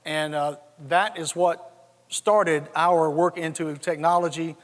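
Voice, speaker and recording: A folksy older man from South Georgia speaks with a Southern accent and a fairly high voice. He tells funny stories to an audience. A long reverb rings around him in a big conference hall. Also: fairly even intonation, slow. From South Georgia, USA. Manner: folksy, humorous storyteller. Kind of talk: storytelling keynote with jokes.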